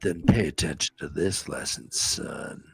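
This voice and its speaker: A man voicing a gruff, weary male army commander in a comic impression, muttering his lines low. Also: unhurried, dry recording, full character voice. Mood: stern. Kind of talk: comic book-recap impression.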